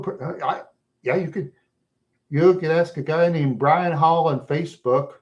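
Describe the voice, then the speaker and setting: Rough-voiced man rambling with chuckles. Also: a little high, measured pace, a little mellow, muffled recording. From Minnesota. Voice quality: rough voice worn down by smoking. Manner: chuckles often between loose, rambling stories. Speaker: livestream host chatting with viewers. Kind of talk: casual rambling chat.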